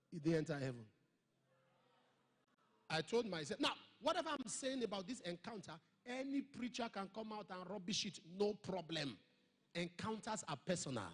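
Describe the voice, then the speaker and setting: A man's voice: on the high side, animated, a little slow, pauses often, breathy edge. A man, preaching a sermon as he tells a story, emphatic and full of sudden exclamations. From Nigeria. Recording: long hall reverb.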